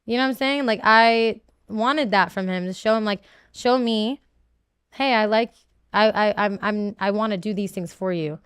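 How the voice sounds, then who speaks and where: A woman pours out her side of the story as a podcast guest, rambling and circling back with plenty of "like"s. Her voice is smooth and clear. The sound is dry and close, with no room around it. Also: medium pitch, normal speed, no echo. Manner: emotional, rambling with many "like"s and restarts. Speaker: reality show contestant guest. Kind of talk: candid podcast interview.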